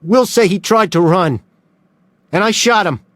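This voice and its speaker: A man voicing a hot-tempered young male detective who shouts in a high, strained voice. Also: unhurried, dry recording. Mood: furious.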